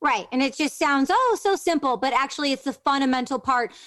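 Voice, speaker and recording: A woman's voice: high voice, lively intonation, brisk, fairly bright tone, dry recording. A woman hosting an interview, chatty and affirming, who sums up her guest's points in casual talk. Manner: chatty, affirming, fills in with "mm-hmm". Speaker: interview host.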